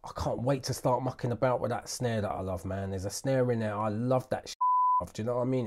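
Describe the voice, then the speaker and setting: A man's voice: medium pitch, lively intonation, fairly quick. A British man casually talking through a music production tutorial in heavy slang, joking and muttering asides to himself. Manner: slangy and jokey, "bruv" after nearly every sentence; mutters grumbling asides under his breath. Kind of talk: casual screen-recorded tutorial.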